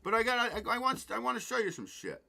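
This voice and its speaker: A man's voice: extremely high pitch, wildly swooping pitch, quick pace, vocal fry, bright, forceful tone. A man hosting his podcast, chatting loosely, telling a joke and swearing freely. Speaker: podcast host. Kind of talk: casual chat and joke telling.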